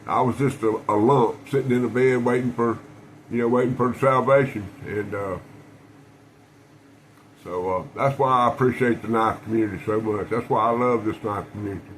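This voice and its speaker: A man's voice: mid-range voice, steady tone, normal speed, a little hiss or hum, poor audio. A man talking casually to camera about his knife collection, rambling and folksy, with frequent restarts. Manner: folksy, rambling storyteller with many restarts and fillers.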